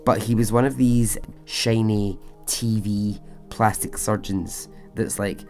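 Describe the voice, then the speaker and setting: A man's voice: on the low side, fairly even intonation, moderate pace, hardly any pauses, darkish tone, faint music behind. A man hosting a podcast, narrating a true story casually with chatty asides and frequent fillers. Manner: chatty, conversational asides, frequent "you know".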